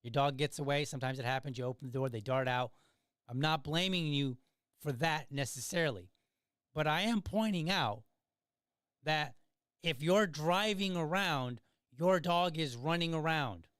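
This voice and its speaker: A man's voice: fairly high pitch, moderate pace, fairly bright tone, smooth, no room sound, clean studio sound. A man hosting a casual commentary podcast, talking in a sarcastic, wry way with chatty asides to his listeners. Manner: talkative, conversational asides. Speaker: podcast host.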